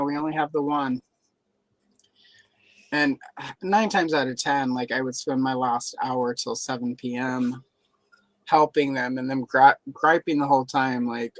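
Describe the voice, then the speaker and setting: A man's voice: medium pitch, unhurried, no echo. A man chatting casually on a live stream, telling workplace stories and acting out the voices of the people in them. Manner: animated storyteller who acts out quoted voices. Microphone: live stream microphone.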